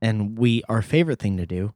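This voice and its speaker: A man's voice: lowish voice, lively intonation, fairly quick, a little mellow, no echo. Guy on a podcast rambling thru a story, stops n fixes himself a lot, really dry close mic. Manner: rambling, self-correcting storyteller. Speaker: podcast host. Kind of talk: casual storytelling chat.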